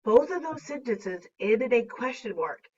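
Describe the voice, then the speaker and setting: A woman teaching a third grade lesson on a slideshow, speaking slowly and deliberately with a playful teacher manner. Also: a little high, lively intonation, darkish tone, slightly rough. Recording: dull, distant lo-fi recording.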